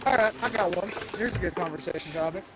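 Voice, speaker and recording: This young man hosts a podcast, speaking quickly in a high voice as he meanders through crude anecdotes and easygoing banter. He laughs often and mimics silly voices while telling his tales, with background noise throughout.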